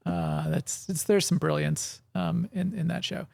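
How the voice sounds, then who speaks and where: A man's voice: on the high side, steady tone, unhurried, vocal fry, darkish tone, no room sound, studio quality. A man co-hosting a gaming podcast in casual chat, rambling and correcting himself, with frequent chuckles. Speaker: podcast co-host.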